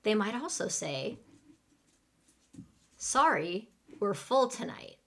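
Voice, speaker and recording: A woman teaching English in a live online class, speaking slowly and clearly and acting out restaurant phrases for learners to repeat. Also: medium pitch, sing-song. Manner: slow, clear teaching delivery with role-play lines.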